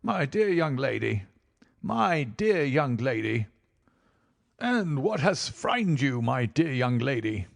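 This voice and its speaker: A man voicing a sly middle-aged gentleman whose overly coaxing manner hides menace, for an audiobook. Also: a little high, big pitch swings, moderate pace, creaky, pitched above the performer's own voice, exaggerated voice.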